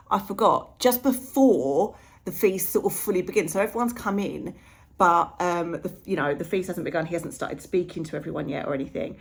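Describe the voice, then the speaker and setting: A young woman teaching literature in a chatty way, retelling a play's scenes in modern slang. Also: fairly low pitch. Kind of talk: casual lesson retelling a play.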